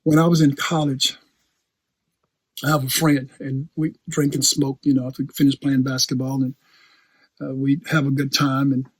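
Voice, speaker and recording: Husky-voiced man preaching a relaxed sermon. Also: medium pitch, dry recording. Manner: chatty, laughs often, repeats and restarts phrases. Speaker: pastor. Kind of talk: conversational sermon.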